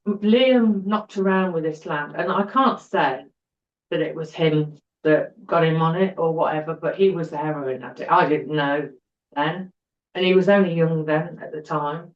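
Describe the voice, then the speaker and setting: A woman's voice: low voice, normal speed. A middle-aged woman, a podcast guest telling her personal story in an earnest way and repeating words for emphasis. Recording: roomy, dull-sounding recording.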